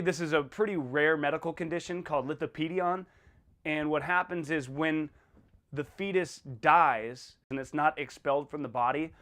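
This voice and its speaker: A man hosting a podcast in a casual monologue, animated and blunt, acting out little exchanges as he talks. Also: fairly high pitch. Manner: animated, acts out little dialogues in a raised voice; blunt and irreverent. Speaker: podcast host.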